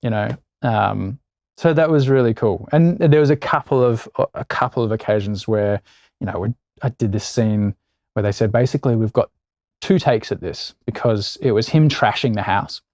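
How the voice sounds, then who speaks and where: An Australian actor guest telling anecdotes in a casual interview, animated and acting out quoted voices. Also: male voice, fairly low pitch, normal speed, dry recording.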